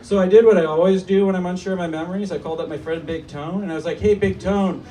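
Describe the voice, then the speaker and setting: A man in his thirties performing a stand-up comedy set in a small cafe, telling stories in a mock-serious, animated way, with laughter behind him. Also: sits high, fast. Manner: animated, mock-serious storytelling with put-on voices. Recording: distant mic with noisy room. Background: audience laughter.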